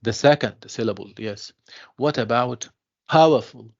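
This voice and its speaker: Gravelly tutor teaching English. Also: male voice, mid-range voice. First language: Arabic. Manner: slow, repeats himself, calls students "dear students", mixes in Arabic explanations. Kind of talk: online class lecture. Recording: dull lo-fi online class audio.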